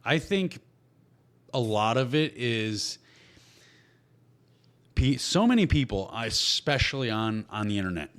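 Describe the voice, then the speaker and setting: A man's voice: mid-range voice, lively intonation, unhurried, long pauses, fairly bright tone. A man talking bluntly on a casual podcast, heated and swearing constantly. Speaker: podcast host. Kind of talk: casual profane podcast talk.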